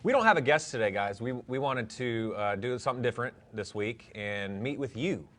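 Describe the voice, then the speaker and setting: Friendly guy cohosting a live stream, middle pitch, stumbles and repeats himself. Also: expressive, a little fast, a bit bright. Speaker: co-host of a recovery talk show. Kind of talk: casual live-stream chat.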